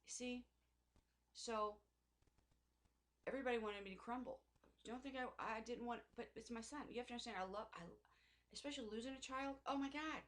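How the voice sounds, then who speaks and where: A woman's voice: a little high, fairly quick, a bit bright. A middle-aged woman talking in a personal faith vlog, rambling and emotional, with many restarts and asides. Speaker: Christian vlogger.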